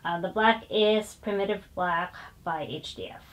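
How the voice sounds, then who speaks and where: A woman's voice: fairly low pitch, normal speed. A woman hosting a stitching vlog, showing her finished pieces in a chatty, digressive way with frequent fillers and self-corrections. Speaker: flosstube host showing cross-stitch finishes. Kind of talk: casual show-and-tell chat.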